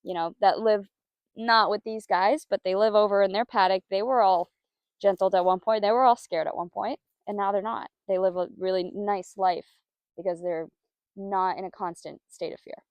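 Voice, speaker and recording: A woman horse trainer talking casually as she works outdoors with a horse, praising it softly. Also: mid-range voice, fairly even intonation, normal speed, no room sound, muffled recording. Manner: soft, coaxing praise to the horse.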